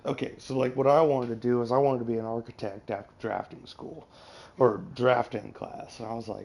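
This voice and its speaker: Streamer: gravelly guy, rambling, swears a lot, loose casual chat. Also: medium pitch, fairly even intonation, moderate pace, darkish tone. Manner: profane, rambling, advice-giving. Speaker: game streamer.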